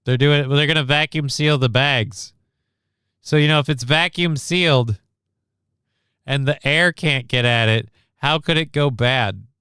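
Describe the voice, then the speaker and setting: A man's voice: mid-range voice, measured pace, sharp tone, clear, resonant tone, dry recording, clean studio sound. A man streaming casual reaction commentary on a news clip, sarcastic and rambling, reading chat comments aloud.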